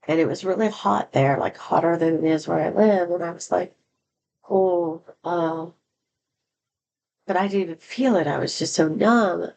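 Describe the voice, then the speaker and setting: A woman's voice: lowish voice, creaky, darkish tone, slight background noise, low-quality recording. A woman telling a personal story in a candid, rambling way, with many fillers and restarts. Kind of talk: casual storytelling monologue.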